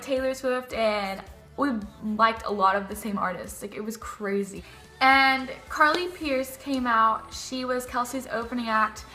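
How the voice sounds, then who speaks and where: A teenage girl, excitedly telling a story in her vlog, gushing and full of "like". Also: high voice, echoey room. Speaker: vlogger.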